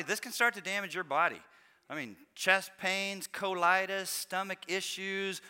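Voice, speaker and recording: Middle-aged pastor, slightly high, very bright voice, folksy preacher who acts out the people in his stories. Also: clean tone. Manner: folksy storytelling with quoted voices and chuckles. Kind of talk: sermon.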